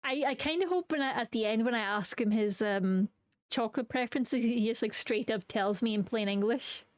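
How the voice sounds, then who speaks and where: A woman streaming a game, excitable and self-mocking, swearing and laughing as she plays. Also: on the high side, normal speed, no echo, clean studio sound. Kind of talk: let's play commentary.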